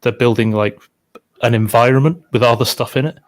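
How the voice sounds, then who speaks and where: A man's voice: mid-range voice, fairly quick. A man co-hosting a casual video chat about a farming game, speculating and hedging as he talks. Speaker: co-host, farming game streamer.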